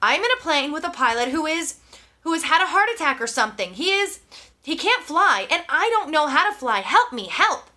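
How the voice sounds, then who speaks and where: Lady doing a scared kid yelling into a plane radio, high and sharp. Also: expressive, moderate pace, hardly any pauses. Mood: frantic. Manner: frantic, shouting into a radio. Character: panicked young boy alone in a plane.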